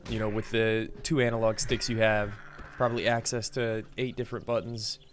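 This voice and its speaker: A man streaming a game, chatting casually to viewers, relaxed and laughing often, calling people "dude" and "man". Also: on the low side, fairly quick. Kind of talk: casual live-stream chat. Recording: game music underneath. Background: game music.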